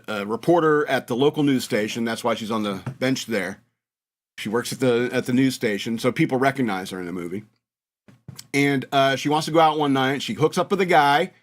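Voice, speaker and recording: An American man hosting a radio show, talking in a rambling, mocking monologue and laughing at his own jokes. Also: mid-range voice. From United States. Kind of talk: casual comedic monologue.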